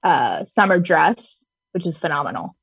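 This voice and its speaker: A woman's voice: low voice, big pitch swings, moderate pace, vocal fry, slightly rough, no echo. Chatty woman, dull dry sound. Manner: chatty, filler-heavy, laid-back. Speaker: podcast co-host. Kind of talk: casual chat.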